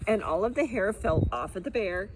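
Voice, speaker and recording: A woman library director reading a children's storybook aloud in an expressive, animated way. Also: medium pitch, normal speed, noisy background.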